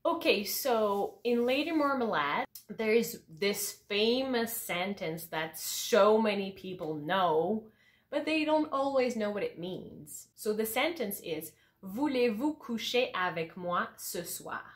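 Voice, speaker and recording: A woman's voice: mid-range voice, lively intonation. French woman teaching pronunciation. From France. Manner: slow careful demonstrations, frequent "okay?" check-ins. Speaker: French instructor. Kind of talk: language lesson to camera.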